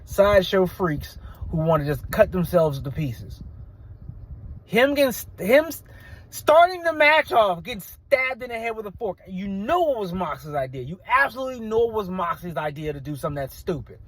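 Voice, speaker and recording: A man's voice: high-pitched, very animated, normal speed. A man giving a casual, blunt and rambling review of a wrestling show, often restarting his sentences.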